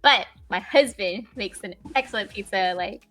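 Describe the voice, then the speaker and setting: A young woman guest chatting casually on a live stream, telling animated stories and voicing little asides. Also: mid-range voice, normal speed, faint music behind. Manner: chatty, animated storytelling with laughs and voiced asides. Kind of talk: casual chat.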